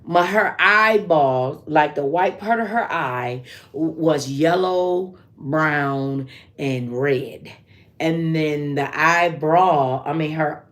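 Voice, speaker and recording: A woman hosting a casual livestream, telling a story in a loose, animated way and answering her viewers with endearments like sweetheart and baby. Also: sits low. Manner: loose, drawn-out delivery with restarts. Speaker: livestream host.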